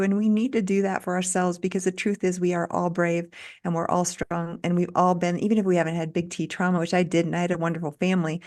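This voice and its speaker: Earnest, encouraging woman, lower voice. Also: little pitch movement, a little fast, a little mellow. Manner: earnest, encouraging, lists lessons step by step. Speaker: guest doctor. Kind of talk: interview conversation.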